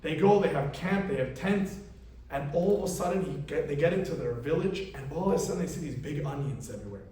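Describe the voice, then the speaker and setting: A man, a rabbi giving a weekly class, telling a parable as a lively storyteller who acts out the characters. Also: fairly high pitch, fast talker. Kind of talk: storytelling sermon. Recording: very echoey room, voice from far off, faint noise.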